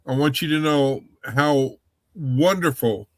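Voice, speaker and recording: Livestream host, man, slow halting rambler, slightly high voice. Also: no room sound. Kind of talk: casual livestream chat.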